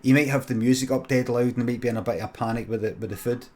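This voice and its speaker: A Scottish comedian improvising a comic story with deadpan, sweary narration and quick muttered asides. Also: male voice, mid-range voice. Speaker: comedian streamer.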